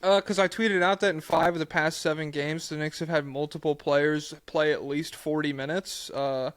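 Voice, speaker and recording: A man's voice: fairly high pitch, steady tone, moderate pace, fairly bright tone, smooth, no echo, studio quality. A man co-hosting a casual sports podcast, laughing often and slipping into mocking voices. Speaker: podcast co-host.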